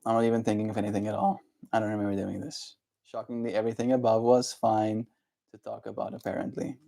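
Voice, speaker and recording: Gentle, encouraging man streaming live. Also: lowish voice, flat delivery, quick pace, gravelly. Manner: gentle, encouraging, talks straight to viewers. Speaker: livestreamer. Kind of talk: casual livestream chat reading viewer comments.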